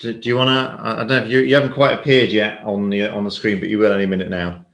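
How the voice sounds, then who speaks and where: A man's voice: fairly low pitch, flat delivery, quick pace, gravelly, a bit bright, roomy sound. A man hosting a church livestream, friendly and joking, often restarting his sentences. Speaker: church service host.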